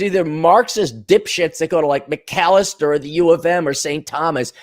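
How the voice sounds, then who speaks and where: This podcast host, a middle-aged man from Minnesota, speaks a little high and a little mellow. He delivers a casual monologue full of ranting, cursing, and sarcastic impressions that mock his targets.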